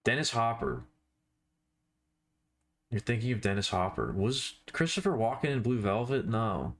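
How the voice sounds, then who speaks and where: A man's voice: medium pitch, very animated, measured pace. A man chatting casually on a live stream while he draws, rambling and self-deprecating, with offhand swearing.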